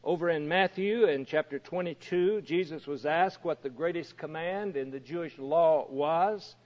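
A male pastor preaching a sermon, slow and deliberate, asking rhetorical questions of his congregation. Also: a little high, long reverb tail, muffled recording.

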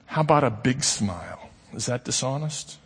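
A man's voice: medium pitch, lively intonation, normal speed, husky. A man preaching a sermon in a conversational way, posing rhetorical questions to his congregation. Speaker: pastor. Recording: long hall reverb.

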